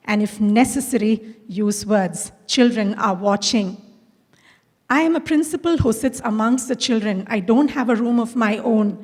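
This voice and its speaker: Casting: middle-aged Indian English woman, school principal, stage storyteller, higher voice, big hall reverb. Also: unhurried. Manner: storytelling, acts out quoted dialogue. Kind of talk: inspirational conference talk. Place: large conference hall.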